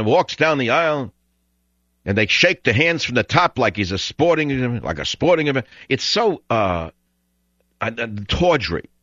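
A man's voice: medium pitch, fairly bright tone, dry recording, highs cut off. A man hosting a talk radio show, ranting in a sarcastic, combative monologue.

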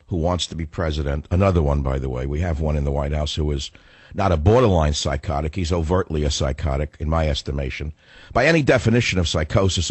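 A low, slightly rough voice belongs to a male talk radio host from the northern United States who has a cough while getting over the flu. He delivers a combative, sarcastic monologue into a studio microphone, with no echo.

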